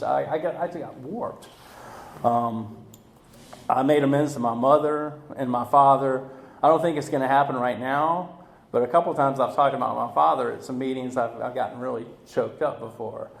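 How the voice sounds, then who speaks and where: A man speaking at a recovery meeting, telling his story in a halting way, full of fillers and restarts. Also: medium pitch, steady tone, gravelly. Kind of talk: personal recovery talk. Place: meeting room. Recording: echoey room recording.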